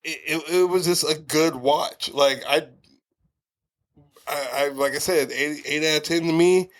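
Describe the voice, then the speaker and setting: A man's voice: on the high side, measured pace. A man co-hosting a podcast in casual chat, telling rambling stories with lots of swearing and restarts. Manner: profane, rambling, storytelling with restarts. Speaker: podcast co-host.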